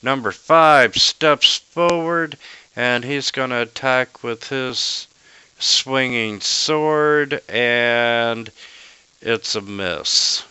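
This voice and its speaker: Slow, clear-voiced male game master. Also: medium pitch, pushed and bright, no echo. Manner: slow, halting narration of combat rolls. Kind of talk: narrating a tabletop game.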